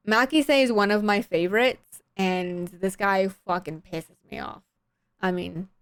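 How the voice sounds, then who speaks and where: A woman's voice: medium pitch, no room sound. A woman streamer narrating a visual novel playthrough and reacting with blunt, profane commentary.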